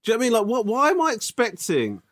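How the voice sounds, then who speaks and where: A man, telling animated stories in a casual podcast chat and swinging into mock outrage. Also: very high voice, racing.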